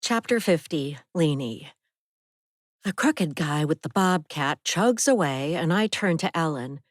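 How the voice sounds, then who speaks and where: A woman reads an audiobook in a slow, measured scripted narration. Her voice is fairly low, and the studio sound is dry and close. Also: expressive, no echo.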